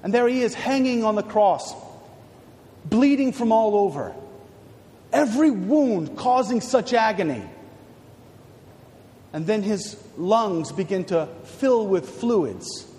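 Male preacher, dramatic sermon, high lively voice, slow deliberate pace, long church reverb. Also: a little hiss or hum. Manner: dramatic, swinging from hushed to shouted.

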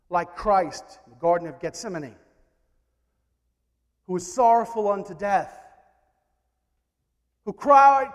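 A male preacher delivering a fervent sermon, building to exhortation with quiet asides. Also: high-pitched, big-room sound.

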